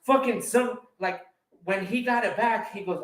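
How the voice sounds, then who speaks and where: A man with a slightly high voice tells loose, profanity-laced stories on a casual podcast. His speech rambles and jumps between thoughts. The room gives his voice a noticeable echo. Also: moderate pace. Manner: animated when quoting others. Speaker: podcast host. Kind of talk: casual chat.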